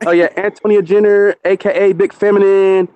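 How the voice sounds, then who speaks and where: A man's voice: high voice, flat delivery, brisk, dark tone, clear, resonant tone, muffled recording. A man on a live-stream panel, teasing and joking in casual chat. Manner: teasing, jokey banter.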